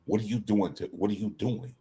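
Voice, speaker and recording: A man's voice: on the low side, fairly quick, dark tone, husky. A middle-aged man in casual scripture discussion, talking in an emphatic, preacher-like way. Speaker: co-host.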